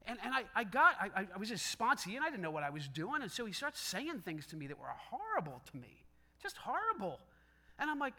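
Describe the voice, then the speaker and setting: A man's voice: high-pitched, a little fast. A middle-aged male pastor preaching a sermon, telling stories and acting out quoted voices. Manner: animated storytelling with quoted voices.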